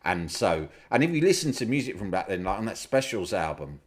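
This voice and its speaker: A middle-aged man chats as a podcast guest, his voice low but swinging widely as he tells stories. He swears often and acts out other people's lines with bursts of volume. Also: a little fast. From Britain. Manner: animated storyteller, swears freely, mimics his brother loudly. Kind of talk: casual chat.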